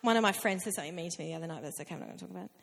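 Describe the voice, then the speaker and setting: A woman preaching a sermon in a conversational, animated way, with laughing asides. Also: on the low side, very fast, vocal fry. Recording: long reverb of a hall.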